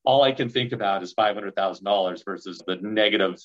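Male guest in his 40s, low-pitched, animated storyteller, muffled lo-fi recording. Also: brisk. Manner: animated storyteller acting out quoted dialogue. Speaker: real estate investor guest. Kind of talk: storytelling in a podcast interview.

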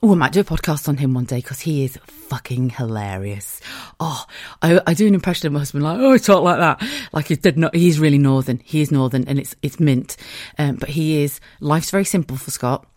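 A woman's voice: sits low, a little fast, a little mellow, dry recording, clean studio sound. Candid, sweary British woman rambling. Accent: British English. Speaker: podcast host. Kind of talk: casual chat monologue.

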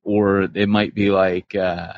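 A man co-hosting a podcast in casual chat, animated and acting out the voices he quotes. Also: low voice, slow, no room sound. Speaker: podcast co-host. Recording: slightly muffled podcast recording.

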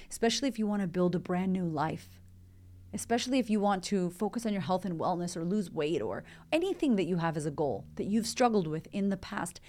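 A woman in her thirties talks straight into the mic as a motivational podcast host and coach. Her voice sits a little low for a woman, and her delivery is lively and chatty. She drives her points home with strings of rhetorical questions. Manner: energetic, conversational, fires rhetorical questions.

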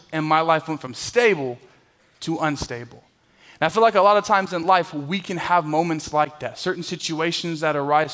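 Animated young man preaching a sermon. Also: on the high side. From Southern California. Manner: animated storyteller, acts out voices. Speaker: pastor. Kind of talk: sermon with a personal story. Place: church.

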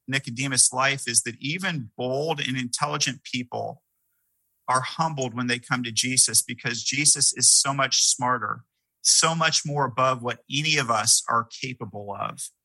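A middle-aged male pastor preaches in an earnest, conversational way, often restarting with fillers. His voice sits in a middle pitch with a very bright, clear edge. The sound is dry and close, with no room around it. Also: normal speed, no echo, rough recording. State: sick with a mild cough. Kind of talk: sermon.

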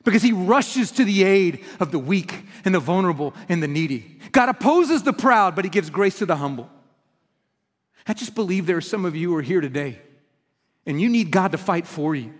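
High-voiced preacher in a reverberant church. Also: male voice, lively intonation, moderate pace. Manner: impassioned preaching, swinging from loud peaks to hushed, intimate appeals. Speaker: pastor. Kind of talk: sermon. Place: church sanctuary.

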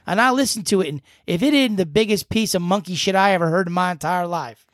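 A man's voice: sits high, fast, a bit bright, no room sound, clean studio sound, voice pushed up. A man putting on an angry Southern caller who insults the hosts. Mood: insulting. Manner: gruff, insulting.

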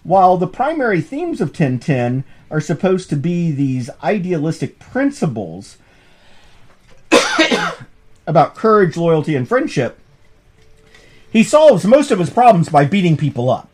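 Male professor host, casual lecture tone, animated and bouncy, slightly raised pitch, amused. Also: a little slow, long pauses. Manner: animated, amused storytelling with frequent restarts. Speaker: professor hosting a comics course podcast.

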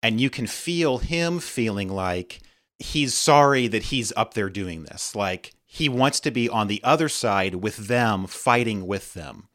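Low-voiced agreeable male podcast guest. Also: lively intonation, a little slow, a bit bright. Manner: agreeable, describes scenes in detail. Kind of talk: conversational podcast discussion.

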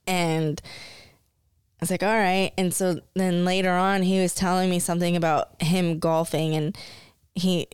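A woman's voice: lowish voice, flat delivery, unhurried, clear, resonant tone, no echo, studio quality. A woman co-hosting a casual podcast, telling a story in a sarcastic, laughing way. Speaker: podcast co-host.

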